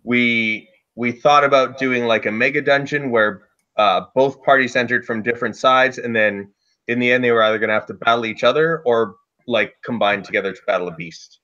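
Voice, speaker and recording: A man telling a casual story about running a tabletop game, loose and lively, with lots of "like" fillers. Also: medium pitch, a little fast, dull audio. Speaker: dungeon master guest.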